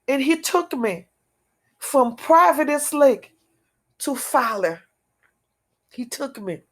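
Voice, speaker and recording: A woman tells her own testimony in a fairly high voice, unhurried and deliberate. Her speech is halting and repetitive, circling back to key phrases with earnest intensity. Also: animated, fairly bright tone. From outside America. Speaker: testimony speaker. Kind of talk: emotional personal testimony.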